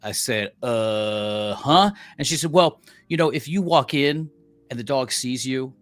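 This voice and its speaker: A man's voice: mid-range voice, moderate pace, dry recording. A middle-aged man, a podcast co-host, telling a story as a heated, profane rant and acting out quotes.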